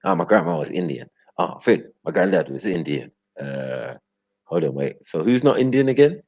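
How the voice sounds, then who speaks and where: A man's voice: deep voice, wildly swooping pitch, moderate pace, vocal fry, darkish tone. A man hosting a livestream, ranting casually and laughing, often asking "get me?". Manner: loose, slangy, laughing, keeps asking "get me?". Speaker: livestream host. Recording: dull lo-fi audio.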